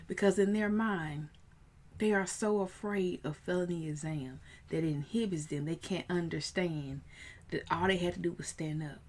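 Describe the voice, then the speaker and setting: Low-voiced woman coach telling stories. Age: 30s. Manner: animated storyteller, rising high and loud in excited bursts. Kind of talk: casual vlog storytelling.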